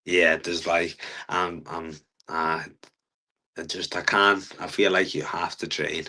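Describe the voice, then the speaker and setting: A young man, a fighter talking earnestly in a casual interview, halting often with fillers. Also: deep voice, little pitch movement, sharp tone. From England. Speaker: guest fighter.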